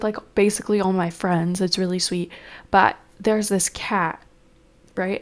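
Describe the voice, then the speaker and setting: Young woman, casual vlog chat, rambling, lots of fillers, mid-pitched. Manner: rambling, filler-heavy, chatty. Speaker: vlogger.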